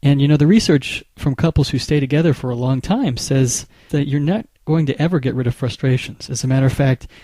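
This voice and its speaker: Man, marriage therapist, measured teaching tone, warm mellow voice, dry close sound. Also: mid-range voice, dry recording. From United States. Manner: measured, explanatory, with frequent small restarts. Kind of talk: instructional talk to camera.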